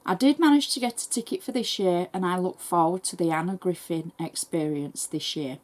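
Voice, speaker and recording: An English woman who hosts crafting tutorials, reading viewer messages aloud in a brisk, chatty and thankful way. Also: lowish voice, darkish tone. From England.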